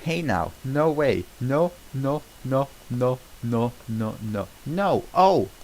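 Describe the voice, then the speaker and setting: A man's voice: fairly low pitch, moderate pace, vocal fry, darkish tone, low-quality recording. A man voicing a chatty, nervous male talking donkey while reading a film script aloud, flustered and stumbling over his words. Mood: panicked.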